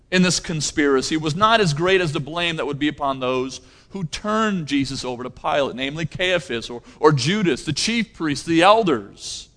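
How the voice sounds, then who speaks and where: A male pastor delivers a sermon in a fairly high voice, pressing his points with repeated phrases. He moves between forceful, raised lines and quiet, hushed ones. His voice carries a long reverb from a church hall. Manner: emphatic, repeats key phrases, swings between loud and hushed.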